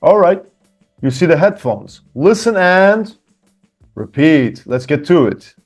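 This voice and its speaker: A man's voice: fairly high pitch, slow, soft background music. A man teaching English, reading workbook answers aloud and cheering students on between exercises. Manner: lively, encouraging, reads example sentences with shifting emphasis.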